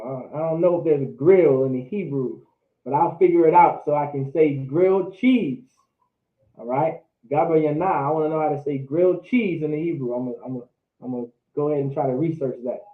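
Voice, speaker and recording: A man teaches vocabulary in a relaxed, informal way, drawing words out and repeating them. His voice sits a little high. The sound is tinny like a phone line and echoes in the room. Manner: drawn-out repetition of words, informal. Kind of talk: casual online language lesson.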